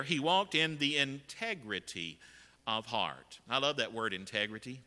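A man preaching a sermon with emphatic delivery that swells at key points. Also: medium pitch. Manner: emphatic, rising to loud acted quotes. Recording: long hall reverb.

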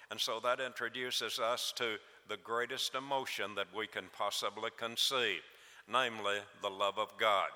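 A male preacher delivers an evening sermon, measured and emphatic, leaning hard on key words. His voice sits fairly low but cuts through with a sharp, forceful edge. The sound rings out with long reverb from a church hall.

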